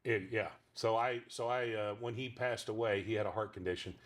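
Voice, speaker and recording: A ventriloquist and voice actor talks casually in an interview. His voice sits fairly low. He tells his stories in a loose, rambling way and pauses often on fillers. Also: steady tone. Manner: rambling storyteller with frequent fillers.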